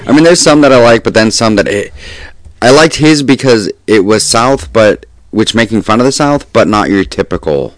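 A man's voice: on the low side, expressive, moderate pace, no room sound. A man co-hosting a podcast, joking bluntly and swearing. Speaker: podcast co-host. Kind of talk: casual podcast chat.

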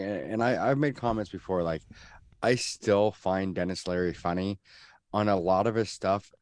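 A man's voice: low voice, no echo. A man co-hosting a podcast, talking casually with hesitant restarts. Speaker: podcast co-host.

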